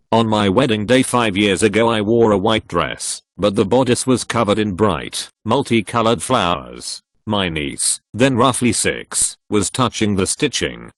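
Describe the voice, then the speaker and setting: A man narrating online posts aloud, reading the text literally and even spelling out links and web slang. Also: lowish voice, no room sound, clean studio sound.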